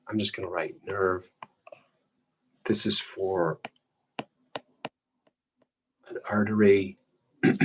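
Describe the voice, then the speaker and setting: Low-voiced man giving an anatomy lecture. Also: a little hiss or hum, rough recording. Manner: plain, patient explaining with frequent throat clearing. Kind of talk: recorded lecture while drawing.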